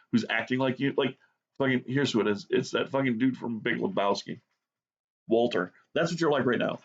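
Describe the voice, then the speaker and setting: A man's voice: lowish voice, gravelly, dull audio. A man in his forties ranting sarcastically in a rambling monologue, swearing heavily as he talks. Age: 40s. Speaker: drawing video host.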